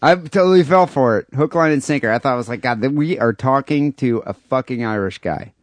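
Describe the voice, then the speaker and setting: A man's voice: mid-range voice, brisk, no room sound. A man co-hosting a podcast in crude, joking casual chat, often restarting words. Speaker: podcast co-host.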